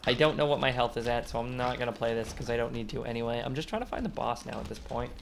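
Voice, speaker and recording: A young man of middle pitch talks casually over a game, rambling through a long story. He acts out quotes and breaks off with sudden outbursts at the screen. A faint hum of noise sits behind his voice. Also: fast, creaky. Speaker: gaming commentator. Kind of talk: casual let's-play storytelling.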